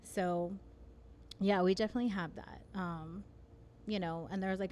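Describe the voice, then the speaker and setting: A woman with a lowish voice hosts a podcast, talking candidly and frankly about her own life. A faint hiss of noise sits under her voice. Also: fairly even intonation, a little fast, a little mellow. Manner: candid, frank storyteller with mild swearing. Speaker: podcast host. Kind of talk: casual podcast conversation.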